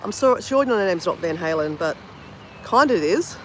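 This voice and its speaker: A woman, chatting excitedly to viewers on a phone live stream at the beach. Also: on the low side, normal speed, a little hiss or hum, poor audio. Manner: chatty, excitable, repeats herself. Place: outdoors, driving to and walking at a beach. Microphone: phone held in hand.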